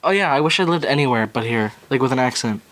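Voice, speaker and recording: A man's voice: mid-range voice, animated, fast talker, a bit bright. A young man from Canada co-hosting a podcast, rambling and swearing in casual chat. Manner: rambling, profane, complaining. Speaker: podcast co-host.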